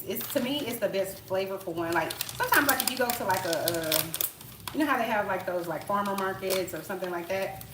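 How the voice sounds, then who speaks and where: A woman in her thirties with a mid-range voice chats casually during a home cooking live stream, slangy and full of asides and rhetorical questions. She records on a tablet propped on the counter in an echoey home kitchen, with pots, utensils and stirring clattering. A little hiss or hum is audible.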